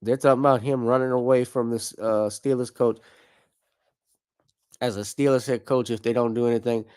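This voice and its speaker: A podcast host with a medium-pitched, clear, resonant voice that's a little mellow chats loosely about football and basketball, joking and swearing. His intonation stays fairly even and his pace moderate in this casual sports commentary.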